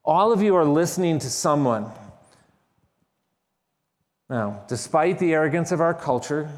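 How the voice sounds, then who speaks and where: A man's voice: on the high side, expressive, measured pace, long reverb tail. A man preaching a sermon, emphatic and repeating key phrases with shifting stress. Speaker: pastor.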